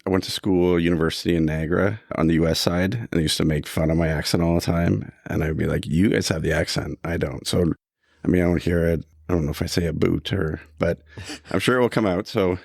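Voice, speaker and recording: Deep, gravelly Canadian-accented guest. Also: male voice, steady tone, quick pace, a little mellow, dry recording, studio quality. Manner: easygoing, friendly, modest. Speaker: podcast guest. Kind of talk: casual podcast interview. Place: office room.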